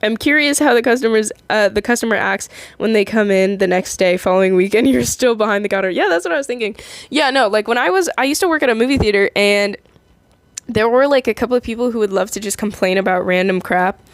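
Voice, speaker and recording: A woman's voice: mid-range voice, quick pace, no room sound. A young adult woman casually reading online comments aloud and reacting to them, giggly and chatty, often stumbling and restarting her sentences.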